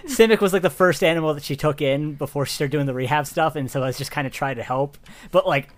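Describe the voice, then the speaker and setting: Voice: medium pitch, fast talker. A player in a tabletop role-playing game, talking hesitantly with lots of fillers and giggles. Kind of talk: casual tabletop play.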